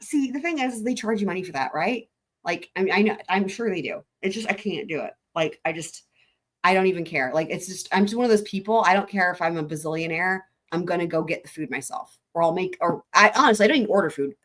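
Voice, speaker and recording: A woman's voice: lowish voice, fairly bright tone. A woman hosting a casual livestream, chatting with her viewers in a rambling, laughing way, with a lilt. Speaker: livestream host.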